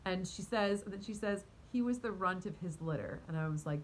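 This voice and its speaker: Woman vlogger, lowish voice, rambling, animated storytelling, faint rumble behind. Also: brisk, low-quality recording. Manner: rambling and animated, many fillers and restarts, with laughs; talks to her cat mid-story. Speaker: vlogger and spiritual coach. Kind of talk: casual storytelling to camera.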